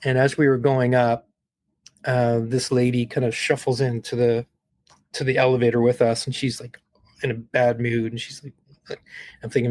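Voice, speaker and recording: A man's voice: medium pitch, little pitch movement, normal speed, darkish tone, no echo. A man talking as a podcast guest, telling stories in an earnest, heartfelt way and often checking in with "right?". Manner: heartfelt, repeats words and asks "right?". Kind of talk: earnest conversational storytelling.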